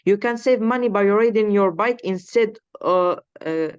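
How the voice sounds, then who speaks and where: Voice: medium pitch, clear, resonant tone, lo-fi sound. Hesitant young learner reading aloud. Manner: halting, many fillers and restarts. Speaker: student.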